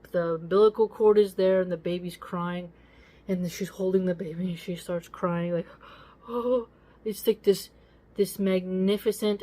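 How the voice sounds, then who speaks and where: A woman's voice: on the low side, warm tone. A woman giving casual spoken commentary on a book. She talks to listeners directly in a preachy, emphatic way and repeats words for stress.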